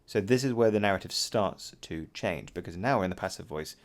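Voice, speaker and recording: A male teacher talks through a poem line by line in a deep, low voice. His tone has a gravelly edge. He pauses often with ums and uhs as he explains. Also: expressive. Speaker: English teacher. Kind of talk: recorded poetry lesson.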